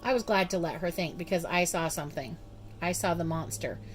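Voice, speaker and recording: A woman reading a children's storybook aloud in an expressive, measured way. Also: fairly low pitch, soft background music. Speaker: storybook reader. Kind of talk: children's book read-aloud.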